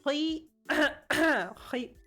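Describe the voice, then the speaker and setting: A woman's voice: high voice, animated, drawn-out words, fairly bright tone, faint music behind. A woman streamer, chatting casually and playfully, reading chat aloud and giggling often. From Latin America. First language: Spanish.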